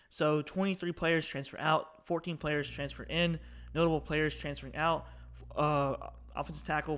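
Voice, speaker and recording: A man's voice: a little high, bright, forceful tone. A man giving casual, rambling commentary on an upcoming college football game, with many fillers and restarts and frank opinions. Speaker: sports video host. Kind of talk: casual sports prediction commentary.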